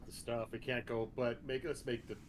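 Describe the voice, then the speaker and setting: A man playing a tabletop game who speaks quietly and hesitantly. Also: mid-range voice, flat delivery, normal speed, noisy background. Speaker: player.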